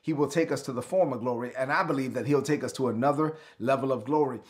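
A male pastor preaching an online sermon, calling on listeners to respond and act out the story. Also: fast. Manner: preaching, calls for responses, builds in pitch and intensity.

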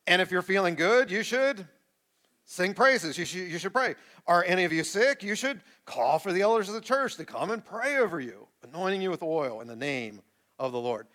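A man in his forties delivers a sermon from the pulpit, his voice bright and a touch higher than most men's. He reads scripture and works the congregation with call-and-response, getting lively as he goes. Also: moderate pace. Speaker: pastor. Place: church sanctuary with a live congregation.

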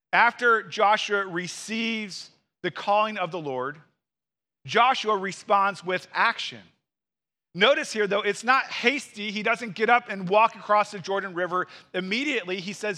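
Male pastor, high bright voice, earnest explanatory sermon delivery. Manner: earnest, explanatory, with quick asides. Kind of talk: expository sermon.

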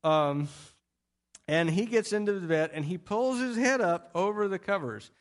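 Animated middle-aged male pastor preaching. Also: high-pitched, moderate pace. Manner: animated storytelling with playful acted quotes. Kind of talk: sermon.

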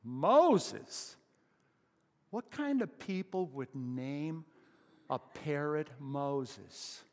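A preacher playing a hissing, jumpy burglar. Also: male voice, a little high, animated, extremely slow, a little mellow, heavily acted. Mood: incredulous. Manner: hissing, incredulous. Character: startled, jumpy male burglar at night. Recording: long hall reverb.

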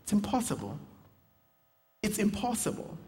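A man's voice: high voice, normal speed. A young South African man, a pastor, preaching a sermon with humor and personal stories. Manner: storytelling with humor, animated asides. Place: church sanctuary. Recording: reverberant church hall.

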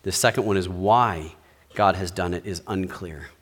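A man's voice: low voice, moderate pace. A pastor giving a sermon, speaking in a conversational way and asking his listeners rhetorical questions.

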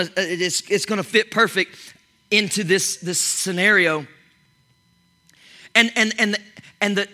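A pastor with a high voice preaches an energetic sermon, animatedly swinging from loud exclamations to hushed whispers. He frequently restarts and repeats his words.

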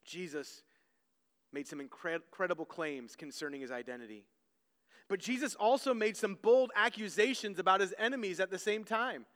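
A male pastor preaching a sermon in a church, earnest and story-driven, often doubling words as he restarts. His voice is high for a man and comes across smooth and clear. It rings through the sanctuary with a long hall reverb. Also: expressive, moderate pace, a bit bright.

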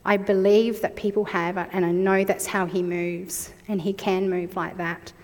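A woman's voice: mid-range voice, little pitch movement, measured pace, darkish tone, in a large hall. A woman in her forties preaching a sermon, reflective and personal as she shares her own story.

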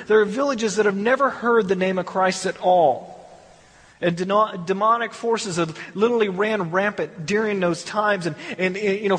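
A man's voice: high voice, fairly bright tone, husky, long reverb tail. A man teaching a Bible study in a conversational sermon style, repeating words and adding asides.

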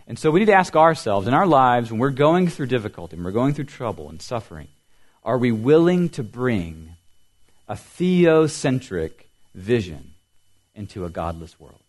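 A middle-aged man pastor preaching a sermon, explaining things clearly and quizzing the children with riddles. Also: mid-range voice, sing-song, normal speed.

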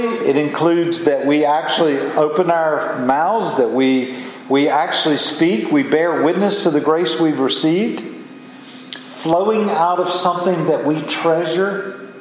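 A man preaches with earnest emphasis, his fairly high voice lifting as he presses a point. The sound is roomy and reverberant, like a church sanctuary heard from some distance, with a faint hiss beneath. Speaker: pastor. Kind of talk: sermon. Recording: echoey hall from far off.

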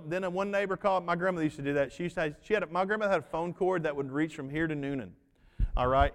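Guy preaching a sermon, kinda high voice, folksy storytelling, long echo in a big room. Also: clean tone. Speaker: pastor. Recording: reverberant hall.

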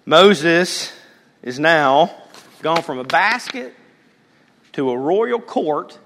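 A man preaching a sermon as pastor, moving between loud calls and hushed, almost whispered lines. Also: on the high side, animated, very slow, long pauses, in a large hall.

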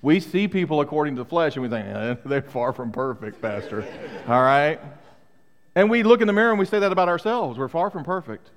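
A man's voice: a little high, expressive, fast. Middle-aged guy preaching, punchy, keeps asking the congregation questions, big echoey church sound. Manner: emphatic, rhetorical questions to the congregation. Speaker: pastor. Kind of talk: sermon. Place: church sanctuary. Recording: long hall reverb.

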